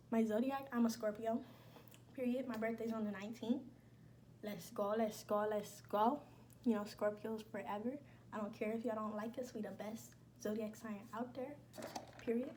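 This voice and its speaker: A woman's voice: fairly high pitch, dark tone, slight background noise. A young woman talking casually and bluntly to her viewers, slangy and emphatic. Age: young adult. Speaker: vlogger. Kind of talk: casual chat.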